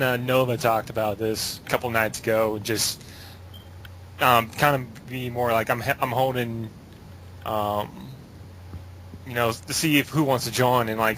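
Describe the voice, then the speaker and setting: A man chatting as a podcast guest, relaxed and joking, with loose phrasing. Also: medium pitch, slight background noise, rough recording. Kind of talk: casual chat.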